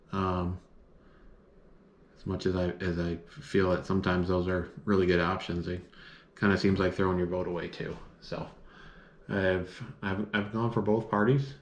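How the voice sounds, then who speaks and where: Deep-voiced man rambling casually. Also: echoey room, slight background noise. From northern United States. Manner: rambling, many ums and restarts. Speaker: vlogger. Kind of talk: casual talk to camera.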